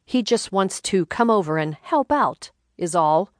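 A woman's voice: mid-range voice, lively intonation, unhurried, no room sound, natural voice. A woman voicing a grumbling, folksy older husband who talks in a dry, laconic drawl.

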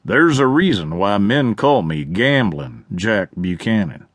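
A man voicing a cocky, smirking male outlaw gambler in a western audiobook, speaking in a low drawl. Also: very animated, a little slow, dry recording, clean studio sound. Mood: smug taunting.

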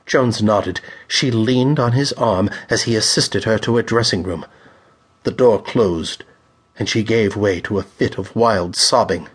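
A man narrating a pulp thriller audiobook in a measured, dramatic reading style. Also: on the low side, husky.

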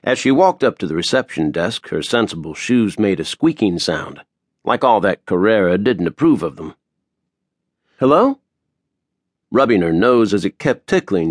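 A male audiobook narrator with a fairly low voice, reading with a wry, playful touch. His delivery swings up and down with plenty of melody, and the recording is close and dry with no room sound. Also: no echo. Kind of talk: scripted narration.

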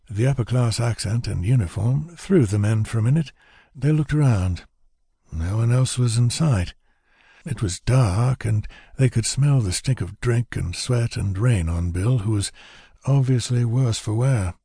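A male audiobook narrator with a mellow, slightly husky voice, reading in a measured, even storytelling manner. He is recorded close and dry, with no room sound around him. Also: mid-range voice, no echo.

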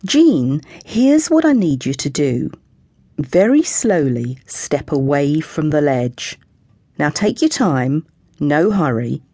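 An unflappable, chatty middle-aged mum, as a woman narrator puts her on talks in a brisk, soothing counsellor tone. Her voice is pitched higher than the narration and swings widely. The sound is dry and close. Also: sing-song, mellow, breathy edge, no echo, heavily acted. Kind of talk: audiobook character voice.

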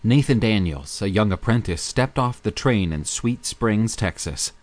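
A man reading an audiobook in measured, even scripted narration. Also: fairly low pitch, dry recording.

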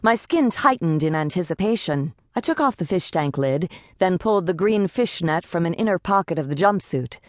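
A woman narrating an audiobook in the first person, measured and tense, on a close studio mic. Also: lowish voice, lively intonation, no room sound.

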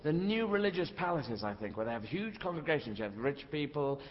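A middle-aged man performing a rambling stand-up comedy routine on a theatre stage, switching into shouted character voices. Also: on the high side, fairly quick. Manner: rambling, animated, puts on shouting old-lady voices. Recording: live hall recording, dull sound, audience noise. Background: audience laughter.

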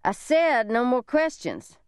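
A woman voicing a drunk, unhinged, suicidal large man who taunts in a slow, mocking drawl, in an audiobook reading. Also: on the high side, big pitch swings, clear, resonant tone, no echo, clean studio sound, pitched above the performer's own voice. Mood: taunting.

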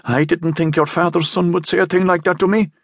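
A man voicing an indignant priest who protests in a high, angry voice. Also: fairly even intonation, a little slow, gravelly, no room sound, clean studio sound, exaggerated voice. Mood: wounded. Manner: shrill, outraged protest. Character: agitated male Irish priest, indignant.

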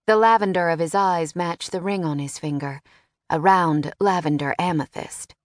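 Woman narrator, measured fantasy reading, low-ish pitch, close dry booth. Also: no room sound. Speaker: audiobook narrator.

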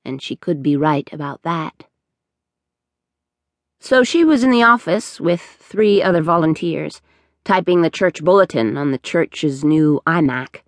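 A woman reading a first-person audiobook aloud in a slow, measured storytelling manner. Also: low voice, expressive, dry recording. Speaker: audiobook narrator.

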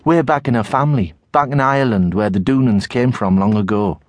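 A man's voice: mid-range voice, a little fast, no echo, close to an everyday voice. A male audiobook narrator voicing a stern, devout mother with a Tyneside accent who scolds her son. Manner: scolding, pious. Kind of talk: audiobook character voice.

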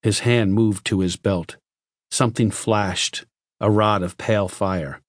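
A man narrating an audiobook in a measured, even scripted reading. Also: fairly low pitch, dry recording, studio quality.

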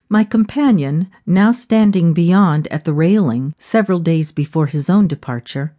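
A woman narrating a reflective audiobook in measured storytelling. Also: fairly low pitch, dark tone.

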